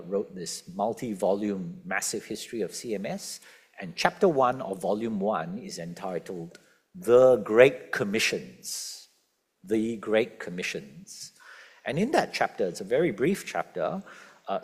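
A man preaching a sermon, asking the congregation questions and stressing key words. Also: on the low side. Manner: lively, questioning the congregation, emphatic quotes. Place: church.

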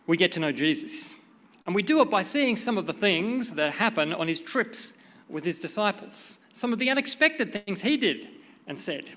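Middle-aged man, preacher, conversational sermon style, bright tone, long hall reverb. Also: high-pitched. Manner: conversational, expressive, reads scripture dramatically. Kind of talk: sermon with prayer and storytelling.

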